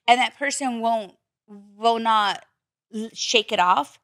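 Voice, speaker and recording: In a dry, studio-quality recording, a woman with a somewhat high voice speaks a little slowly as a podcast host. Chatting casually, she tells stories in a blunt, animated way and swears a lot.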